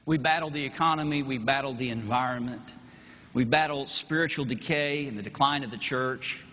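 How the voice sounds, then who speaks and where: Texan man, pastor, sermon, rhetorical, bright forceful voice, echoing chapel. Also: medium pitch, brisk. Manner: rhetorical, emphatic, rising and falling for emphasis. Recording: long hall reverb in a chapel.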